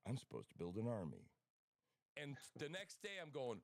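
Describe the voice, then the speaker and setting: A man's voice: medium pitch, big pitch swings, moderate pace, no room sound, studio quality. A man in casual political chat, blunt and fired up, swearing freely. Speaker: guest.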